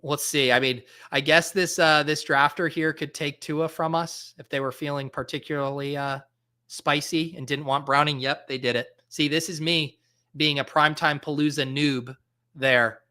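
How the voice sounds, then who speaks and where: Bright, crisp guy rambling through a live draft stream, lots of ums and uhs. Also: a little high, steady tone, moderate pace. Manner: rambling, thinks aloud with many fillers. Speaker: fantasy football podcast host. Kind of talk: casual live-stream chat while drafting.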